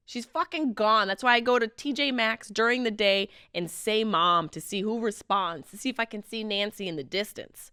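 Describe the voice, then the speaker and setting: A woman in her late thirties hosting a podcast, delivering a wry comedic monologue that swings between loud outbursts and low mutters. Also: moderate pace, no room sound, clean studio sound. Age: late 30s. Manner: animated, wry, mimics others in mock voices. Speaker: podcast host.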